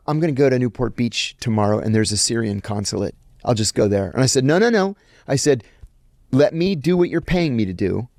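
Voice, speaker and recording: Middle aged guy spinning a yarn, kinda gravelly, dead dry room. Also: mid-range voice, no room sound. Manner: animated anecdote teller, acts out quoted lines. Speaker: guest, former intelligence officer. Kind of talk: storytelling in an interview.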